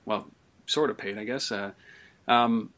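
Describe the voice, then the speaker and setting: A man's voice: fairly low pitch, unhurried, fairly bright tone. A man interviewing a guest in a casual chat, affirming and thinking aloud.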